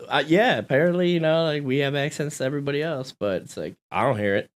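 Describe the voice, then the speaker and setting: A man's voice: on the high side, fast. A man hosting a casual home podcast, swearing freely and laughing often. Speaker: podcast host. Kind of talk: casual chat. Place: small home room.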